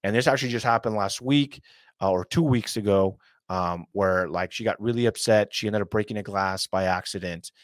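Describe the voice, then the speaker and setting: A man's voice: lowish voice, normal speed, no room sound, clean studio sound. A young adult man hosting a casual commentary show, talking in a rambling, earnest way with many fillers and asides. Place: small hot room at home.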